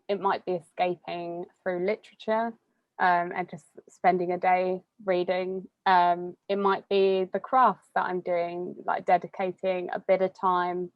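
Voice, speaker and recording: A woman's voice: fairly low pitch, dry recording. A young woman talks casually with plenty of fillers and easy laughs. The sound is dry, with no room around it, and slightly dull and muffled. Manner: chatty, laughs often, many fillers. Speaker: interviewee. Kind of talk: casual conversation.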